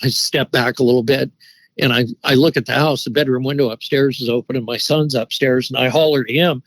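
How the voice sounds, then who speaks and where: A man's voice: mid-range voice, steady tone, fairly quick, dry recording, rough recording. Middle-aged man telling a rambling story. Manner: rambling, with many restarts and "you know" fillers. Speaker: guest telling an encounter story. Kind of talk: casual storytelling.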